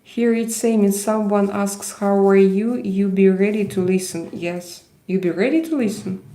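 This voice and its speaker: A Russian-accented woman hosts a casual livestream, answering viewers in a talkative way with frequent restarts. Her voice is mellow and relaxed. The sound is roomy, with a clear echo around her. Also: mid-range voice, unhurried. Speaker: livestream host.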